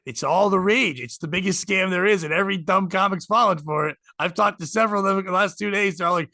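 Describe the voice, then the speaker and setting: A man's voice: high voice, a little fast, pushed and bright, no echo. A man co-hosting a podcast, telling a long rambling story in casual comedic chat. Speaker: podcast co-host.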